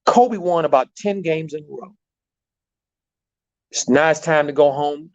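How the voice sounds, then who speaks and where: Male coach, lively storyteller, fairly high voice, dull lo-fi audio. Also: unhurried. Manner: animated storyteller, repeats words, many fillers. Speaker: basketball coach. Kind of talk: storytelling in a talk show. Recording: dull lo-fi sound.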